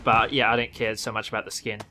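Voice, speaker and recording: Against background noise, an Australian gaming video host talks fast in a lowish voice with a flat delivery. He comments casually on a game update, rambling and revising what he says as he goes.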